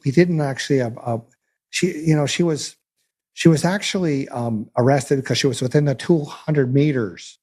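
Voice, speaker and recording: A man's voice: on the high side, darkish tone. A man hosting a podcast, commenting in a blunt, heated, sarcastic way. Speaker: podcast host. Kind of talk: casual commentary.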